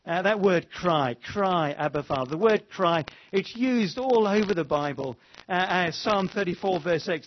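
Impassioned preacher, muffled recording. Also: male voice, a little high, expressive, measured pace, slight background noise. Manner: impassioned, rises to fervent pleas then drops to hushed tones. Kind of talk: sermon.

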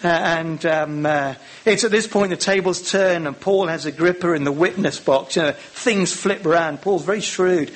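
A man preaching a sermon, acting out the lines of the Bible characters with lively emphasis. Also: a little high, normal speed, few pauses.

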